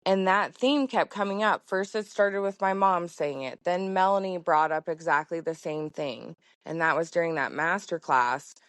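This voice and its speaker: A woman farmer talks through her story as a podcast guest, casual and heartfelt, with plenty of fillers. Her voice sits a little low. The sound is close and dry, with no room around it. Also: moderate pace, few pauses, no echo. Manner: chatty, heartfelt, lots of fillers. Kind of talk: casual conversation.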